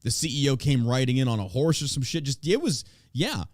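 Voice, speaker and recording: A man's voice: mid-range voice, very animated, fairly quick, dry recording, studio quality. Profane, combative American man ranting. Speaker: podcast host. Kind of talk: opinion podcast rant.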